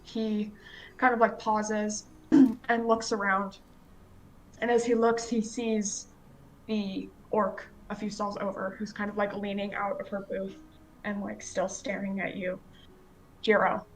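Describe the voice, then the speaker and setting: A woman's voice: medium pitch, little pitch movement, slow pace, rough recording. Casual woman game master narrating. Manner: casual, many fillers, descriptive.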